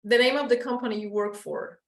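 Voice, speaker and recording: A woman from Colombia with a Paisa Spanish accent, teaching an English class and modelling sounds slowly, slipping into Spanish to explain. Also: on the high side, steady tone, reverberant, rough recording.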